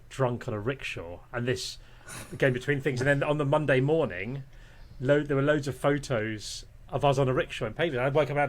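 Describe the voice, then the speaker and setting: A man's voice: mid-range voice, a bit bright. A man, a podcast guest, telling a long casual anecdote, rambling with restarts and breaking into laughter.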